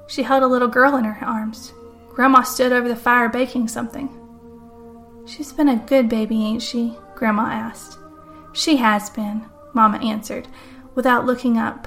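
A woman's voice: a little high, a bit bright. Woman narrating a murder tale over music. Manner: dramatic first-person narration. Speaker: podcast host and author. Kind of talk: storytelling narration.

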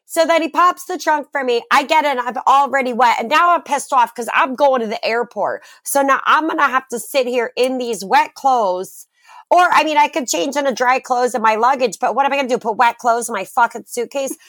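A young woman tells a rant-filled story on a podcast, swearing freely and animated throughout. Her voice sits a little high. The sound is dry and close. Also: brisk, dry recording. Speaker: podcast co-host. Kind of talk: casual chat.

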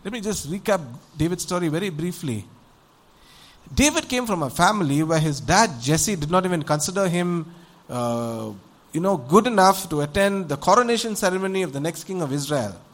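A man's voice: high-pitched, moderate pace. A man preaching a sermon, retelling a Bible story in a conversational way and often asking his listeners questions. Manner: conversational, rhetorical questions to the audience; animated storytelling with acted voices.

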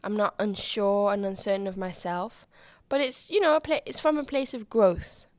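Loud and high-pitched, a young podcast host chats solo at a moderate pace, bubbly and full of restarts and acted-out quotes, her pitch leaping when excitement hits. The sound is close and dry, without any room echo.

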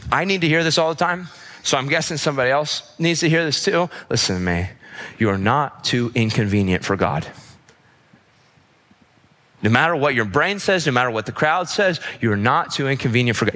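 A man's voice: medium pitch, sharp tone. Impassioned male pastor in a reverberant church. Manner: impassioned, repeating lines for emphasis. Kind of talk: sermon. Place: church service.

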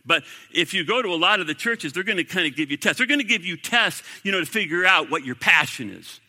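A man preaching a sermon in a church, swinging from loud declarations to hushed, near-whispered prayer. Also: high-pitched, lively intonation, fast. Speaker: pastor. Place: church sanctuary. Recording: echoey hall reverb.

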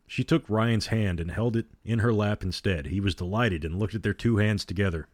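A man narrating a storybook in a measured, even reading. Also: lowish voice, no echo, clean studio sound.

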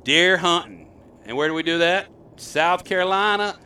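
Bright-voiced chatty hunting dad. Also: male voice, high-pitched, normal speed, slight background noise. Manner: chatty and rambling, quizzing his sons. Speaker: host, hunter and father. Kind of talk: casual storytelling to camera.

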